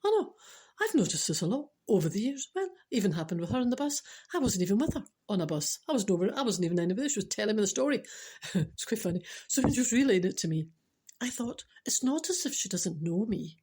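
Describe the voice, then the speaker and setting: Scottish woman, middle-aged, spinning a funny story, animated and exclaimy, acts out the quotes, normal mid pitch. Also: quick pace, husky. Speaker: spiritual speaker and storyteller. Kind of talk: humorous anecdote told to a listener.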